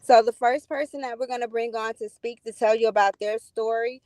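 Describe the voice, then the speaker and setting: A woman's voice: on the high side, fairly even intonation, fairly quick, a little mellow. A woman hosting a town hall, reading introductions and names from a list. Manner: reads names in a list, slips on a name.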